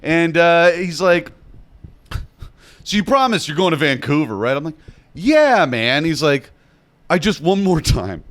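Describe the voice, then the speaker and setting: Animated storytelling man. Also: a little high, measured pace, pauses often. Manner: animated, swearing, acts out both sides of the story. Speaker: podcast guest. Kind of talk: casual storytelling.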